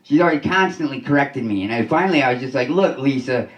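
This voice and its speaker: A man doing a stand-up comedy set in a club, delivering deadpan one-liners with many halting restarts and "uh"s, laughing at his own jokes. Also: mid-range voice, reverberant, highs cut off.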